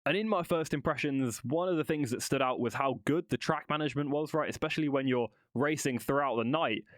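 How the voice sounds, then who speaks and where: A man's voice: medium pitch, brisk, no room sound. Male podcast host, dry studio sound. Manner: conversational, rambling with restarts and self-corrections. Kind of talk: solo motorsport podcast commentary.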